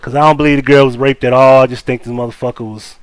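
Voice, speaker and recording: A man's voice: medium pitch, little pitch movement, quick pace, clean tone, dry recording. A man hosting a live stream, giving blunt, profane, casual commentary and talking straight to his chat. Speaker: livestream host.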